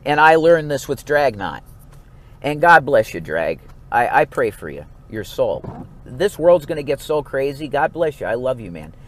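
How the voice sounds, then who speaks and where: A man's voice: mid-range voice, big pitch swings, normal speed, a bit bright. Rambling, profane vlogging man. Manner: rambling, profane, restless swings between mumbling and outbursts. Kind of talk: casual rambling monologue.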